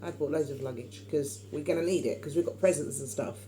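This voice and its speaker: A young woman chatting in a rambling, easy way. Her voice sits fairly low and has a warm, mellow color. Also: fast, slight background noise. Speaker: vlogger. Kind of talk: casual chat.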